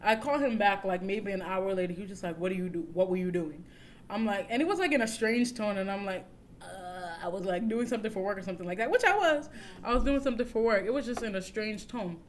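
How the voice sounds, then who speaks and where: A woman's voice: medium pitch, fast, slight background noise. A woman co-hosting a podcast, telling a dating story in casual chat, laughing often and acting out the quotes. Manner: animated, laughs often, acts out quoted texts. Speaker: podcast co-host.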